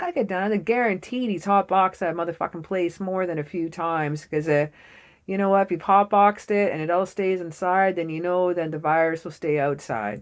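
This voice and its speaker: Excitable woman doing a tarot reading. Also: on the low side. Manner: excitable, swearing, jokey storytelling. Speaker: tarot reader. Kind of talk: casual tarot reading to camera.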